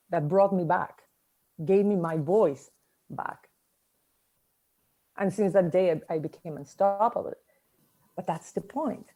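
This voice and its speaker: A woman who speaks English as a second language, giving a motivational talk in a reflective, storytelling manner with pauses. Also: medium pitch, warm tone. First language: not English.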